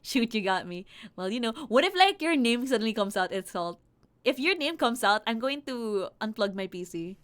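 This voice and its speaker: A woman's voice: fairly high pitch, very animated, moderate pace, clean tone. A woman streamer giving casual commentary while playing, full of joking, playful asides. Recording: game music behind the voice.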